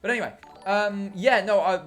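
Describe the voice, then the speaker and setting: A man's voice: high voice, moderate pace, fairly bright tone, soft background music. A young British man chatting casually on a live stream while gaming, rambling and ranting with self-deprecating humour. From Britain. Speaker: livestreamer.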